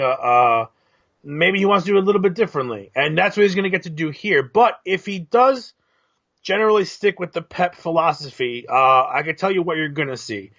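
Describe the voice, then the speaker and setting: A man co-hosting a casual soccer talk show, explaining tactics in a measured, analytical way. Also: on the high side, a bit bright, lo-fi sound. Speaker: co-host. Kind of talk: casual chat.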